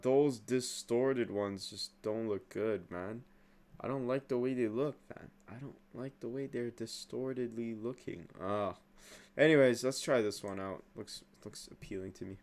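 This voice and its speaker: A young man hosting a reaction video, talking back to the screen with excitable outbursts and mumbled asides. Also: mid-range voice. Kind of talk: casual reaction commentary.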